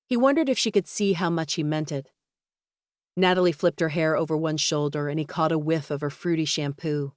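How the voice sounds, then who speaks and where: A woman reading a romance audiobook in a steady, even storytelling voice on a close studio mic. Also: deep voice, fairly quick, dry recording. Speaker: audiobook narrator. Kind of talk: scripted narration.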